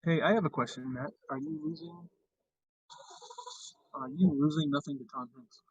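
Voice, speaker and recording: A man's voice: on the high side, normal speed, husky, no echo. A man hosting a casual livestream chat, rambling with frequent restarts. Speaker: livestream host. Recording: dull lo-fi stream audio.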